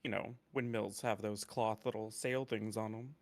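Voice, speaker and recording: A man's voice: on the low side, steady tone, moderate pace. A man playing a tabletop game who earnestly suggests plans. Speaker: player. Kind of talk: casual tabletop play.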